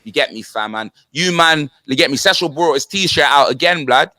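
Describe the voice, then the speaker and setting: Young man, London accent, football banter host, slangy sing-song jokes, high voice. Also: lively intonation, moderate pace, few pauses, pushed and bright, dry recording, clean studio sound.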